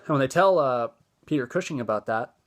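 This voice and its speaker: A man's voice: mid-range voice, lively intonation, fairly quick. A man giving a casual spoken movie review, easygoing and enthusiastic, with a loose retelling full of fillers and restarts.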